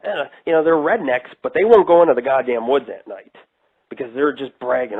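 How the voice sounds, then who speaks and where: A man's voice: medium pitch, fairly quick, husky. A man from New York, a paranormal investigator hosting a radio show, ranting brashly and swearing in a casual monologue. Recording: tinny phone-like radio line.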